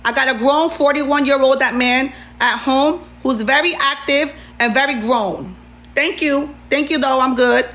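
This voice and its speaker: A woman's voice: high-pitched, a little slow, fairly bright tone. A woman ranting on a livestream, sassy and indignant as she reads out messages and answers back.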